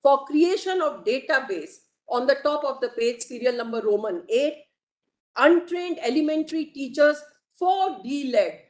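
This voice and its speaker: A woman advocate with an Indian accent, making a formal, deliberate courtroom argument and addressing the bench again and again. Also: high voice, expressive. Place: courtroom hearing. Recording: echoey courtroom audio.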